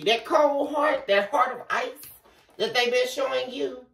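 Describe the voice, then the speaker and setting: Woman tarot reader, lively pitch, casual and salty, echoey room, set back from the mic, faint hiss. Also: a little slow, far from the mic. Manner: animated, talks to the viewer, swears freely.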